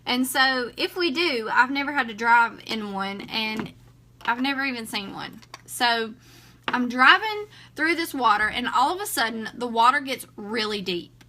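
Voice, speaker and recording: A young woman from South Carolina with a Southern accent, telling a story in a chatty, animated casual vlog. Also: a little high, measured pace. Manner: chatty, animated, dramatic retelling. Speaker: vlogger.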